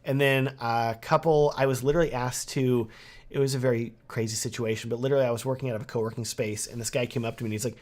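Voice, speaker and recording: A man's voice: medium pitch, steady tone, fast talker, darkish tone. A man with a Texan accent hosting a casual livestream Q&A, answering viewer questions in an upbeat way with lots of "um" and "like". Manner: casual and upbeat, many fillers like "um" and "like". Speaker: wedding videographer hosting a livestream Q&A.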